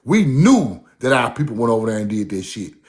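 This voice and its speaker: A man telling stories about his grandmother in a casual monologue. He is animated and profane, and he repeats himself for emphasis. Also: mid-range voice, fairly quick. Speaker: speaker recounting his grandmother's teachings.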